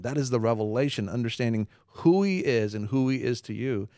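A man's voice: mid-range voice, brisk, hardly any pauses, no room sound, clean studio sound. A man co-hosting a Christian talk show, preaching earnestly in casual conversation and acting out quotes. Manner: earnest, animated, acts out quotes.

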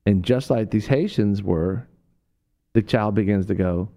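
A man hosts a Christian radio talk show, preaching in an unhurried, warm tone. His stories wander, thick with fillers and restarts, and whenever he quotes someone he suddenly acts them out in a high voice.

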